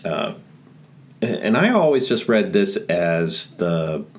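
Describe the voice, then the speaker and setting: A man with a very low voice co-hosting a relaxed podcast chat. He talks in an enthusiastic, reflective way. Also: takes it slowly. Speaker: podcast co-host. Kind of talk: casual podcast discussion.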